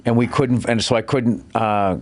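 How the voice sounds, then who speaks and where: A man, a comedian guest on a podcast, tells a long road story in loose, profane chat. His voice sits at an ordinary middle pitch, and he keeps circling back with fillers and swearing. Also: steady tone, normal speed. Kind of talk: casual chat.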